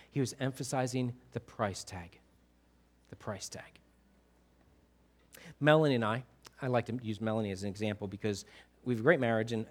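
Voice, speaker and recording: Man preaching, conversational, middle-aged, quizzes listeners, restarts phrases. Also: medium pitch. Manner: conversational, asks the congregation questions, repeats himself. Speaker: pastor. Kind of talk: sermon.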